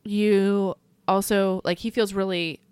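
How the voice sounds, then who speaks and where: A woman co-hosting a podcast, casually recapping a story in an expressive way and swearing freely. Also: mid-range voice, slow pace, clear, resonant tone, no echo, studio quality. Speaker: podcast co-host.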